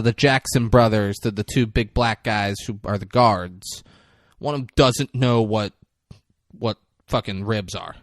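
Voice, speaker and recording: A man's voice: medium pitch, no room sound, studio quality. A man co-hosting a podcast, telling a movie scene in a rambling, profane, casual way. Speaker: podcast co-host. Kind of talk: casual movie recap chat.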